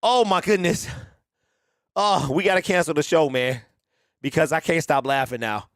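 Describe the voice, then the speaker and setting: Giggling high-voiced man on a sports show. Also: normal speed, fairly bright tone, dry recording, clean studio sound. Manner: laughs constantly, repeats words, loose and chatty. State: laughing hard, sweaty. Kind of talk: casual sports talk.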